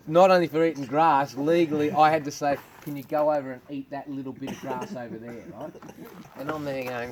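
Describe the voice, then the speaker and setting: Aussie comedian bloke telling rude yarns, swears a lot, bit of hiss behind. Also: male voice, mid-range voice. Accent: Australian. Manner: crude, swearing yarn-spinner. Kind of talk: casual storytelling. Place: outdoors on a farm.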